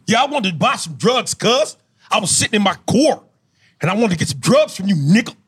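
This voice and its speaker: A man's voice: high voice, big pitch swings, a little fast, a bit bright, slightly rough, pitched above the performer's own voice, full character voice. A man doing a drawling LA gangster. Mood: pushy. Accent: Los Angeles street. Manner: drawling, slangy, repeats "cuz". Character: laid-back male Los Angeles street gang member. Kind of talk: comedic improv impression.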